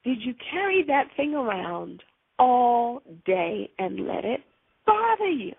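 A woman voicing a still, small, gentle divine inner voice that questions her. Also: on the high side, big pitch swings, slow pace, vocal fry, breathy edge, narrow, tinny audio, exaggerated voice. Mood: gently chiding.

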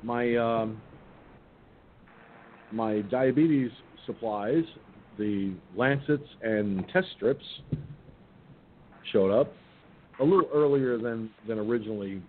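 A man's voice: takes it slowly, pauses often. An older man hosting an internet radio show, telling a long rambling story about his day with restarts and casual swearing. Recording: muffled phone-line audio with faint rumble.

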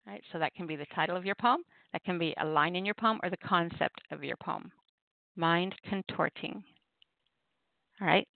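A woman hosting an open mic poetry radio show talks quickly in a fairly low, gravelly voice, barely pausing. She's chatty and rambling, laughing often as she gives poetry prompts, heard dry with no room sound over a tinny call-in phone line.

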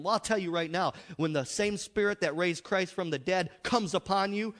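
An American man preaching a revival sermon in a church, emphatic and joking, with big swings between loud and soft. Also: high-pitched, normal speed, few pauses. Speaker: pastor. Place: large church sanctuary. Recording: long hall reverb.

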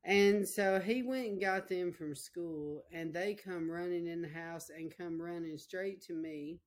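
A woman's voice: deep voice, fairly even intonation, unhurried, hardly any pauses. A woman preacher, telling a personal story in a folksy, emotional way during a sermon.

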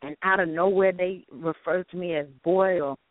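A man with a high voice talks earnestly in casual chat and stammers a little when heated. The sound is dry and close, but thin like a phone line. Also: steady tone, moderate pace, no room sound.

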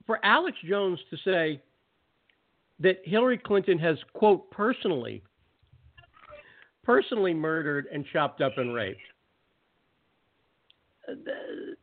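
Talk radio host, man, slightly high voice, ranting chat, tinny phone-like sound. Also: big pitch swings. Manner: ranting, conversational, quick asides. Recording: phone-like narrow band audio.

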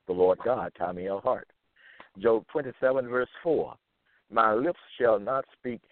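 A man reading scripture verses aloud and commenting on them, slowly repeating phrases with fillers between them. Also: on the low side, no room sound. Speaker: self-styled preacher. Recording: tinny phone-like line.

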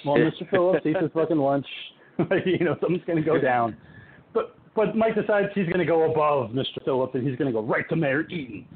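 A man's voice: fairly high pitch, lively intonation, brisk, breathy edge. A man co-hosting a casual movie review chat, swearing freely and laughing as he retells scenes. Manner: profane, laughing, retells scenes in silly voices. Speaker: podcast co-host. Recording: tinny phone-like line, faint hiss.

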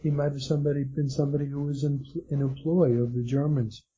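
Quick and flat in delivery, a man with a higher, warm voice and a breathy edge answers as a guest author. The conversational interview is full of his hesitant restarts and fillers, captured in dull lo-fi audio.

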